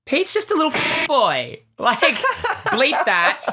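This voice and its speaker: Bright-voiced joking woman podcaster. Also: high-pitched, a little hiss or hum. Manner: animated, joking, quick asides. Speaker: podcast co-host. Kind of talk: casual comic chat.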